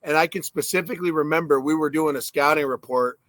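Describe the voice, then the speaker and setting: A man co-hosting a sports podcast, an animated storyteller who swears in casual chat. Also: a little high, fast, dry recording. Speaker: podcast co-host, former player.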